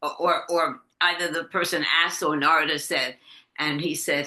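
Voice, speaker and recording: A woman leading a devotional class over a video call, telling a story with many restarts and lively quoted voices. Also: low-pitched. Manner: halting, restarts often, animated when quoting. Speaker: class leader. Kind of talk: casual storytelling in an online class. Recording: echoey video call audio.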